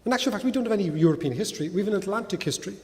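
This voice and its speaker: A middle-aged man with a Dublin Irish accent, speaking to an audience in a lively, conversational way, peppering points with "right?". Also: sits high, racing. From Ireland. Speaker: guest speaker. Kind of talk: talk with audience Q&A. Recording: hall reverb.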